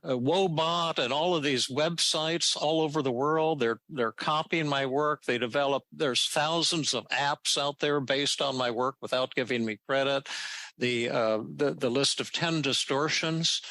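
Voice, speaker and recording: An older man hosting a podcast, telling a story casually and haltingly, with many restarts and repeated words. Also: medium pitch, bright, forceful tone, dry recording. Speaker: podcast host answering listener questions.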